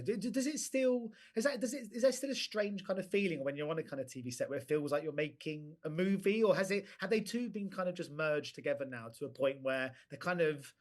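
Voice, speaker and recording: An interviewer asking long, rambling questions full of restarts and stumbles. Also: mid-range voice.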